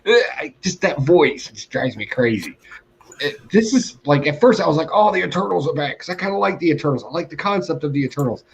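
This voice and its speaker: Fast and slightly high, with vocal fry, this man co-hosts a casual podcast reviewing comics. He rants with animation and laughs often as he chats.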